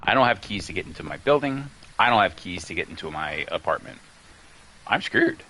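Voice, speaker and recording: A man chatting casually over gameplay, telling a long story in a rambling, excitable way and getting worked up as he goes. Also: low-pitched, quick pace, a little hiss or hum. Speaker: gaming streamer.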